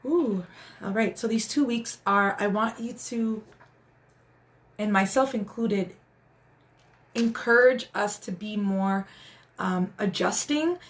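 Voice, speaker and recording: A woman's voice: mid-range voice, takes it slowly, pauses often. A woman hosting a casual live stream as a spiritual guide, talking in an earnest, encouraging way with many restarts.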